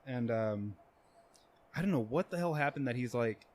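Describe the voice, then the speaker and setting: Young adult man, casual profane storyteller, mid-pitched, filler-heavy. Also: moderate pace, darkish tone. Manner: rambling, profane, many fillers. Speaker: podcast guest.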